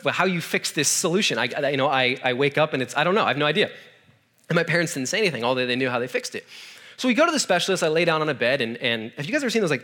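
A young man preaching to a room, telling a funny personal story in a loose, animated way with lots of fillers. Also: on the high side. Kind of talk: sermon storytelling. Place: room with an audience.

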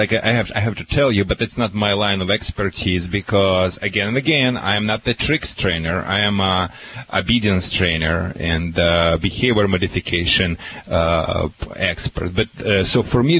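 A man's voice: fairly low pitch, a bit bright, highs cut off, a little hiss or hum. A man with a Russian accent, a dog trainer giving blunt, boastful advice on a call-in radio show.

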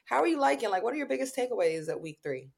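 Woman, co-host, casual sports talk, lively pitch, upbeat, steers the talk. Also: very fast, gravelly, husky.

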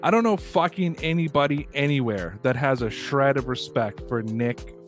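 A man's voice: medium pitch, normal speed, faint music behind. A man hosting a casual sports podcast, ranting in a heated, emphatic way and swearing often. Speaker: podcast host.

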